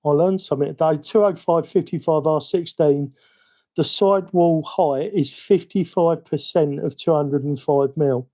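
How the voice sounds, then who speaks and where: Cockney man, slightly high voice, mellow tone, easygoing live-stream chatter, self-mocking. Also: normal speed. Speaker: hobby livestream host. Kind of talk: casual live-stream chat while working.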